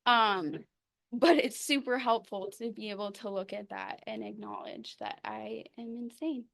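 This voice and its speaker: A young woman giving a personal recovery testimony, halting and full of ums and pauses. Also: mid-range voice, creaky, fairly bright tone. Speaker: recovery meeting speaker.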